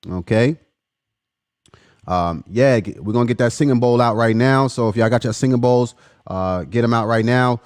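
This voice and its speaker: A man hosting a casual livestream, chatting loosely and giving shout-outs to viewers by name. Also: medium pitch, moderate pace, clean tone, no room sound, studio quality. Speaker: livestream host.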